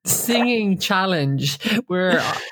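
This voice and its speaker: A playful Irish woman welcoming listeners to a podcast. Her voice sits slightly low and her delivery is slow and wry. She sounds relaxed and teasing. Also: a little hiss or hum. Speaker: podcast co-host. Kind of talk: casual chat.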